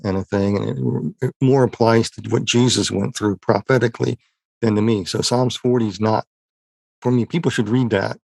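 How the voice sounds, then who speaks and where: A man with a gravelly, creaky voice recounts his story in a halting way, often repeating words. His voice keeps breaking as tears come. The sound is dry and close, with no room around it. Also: mid-range voice, a little mellow, no room sound. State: tearful, voice breaking. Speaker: interview guest. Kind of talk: emotional personal testimony.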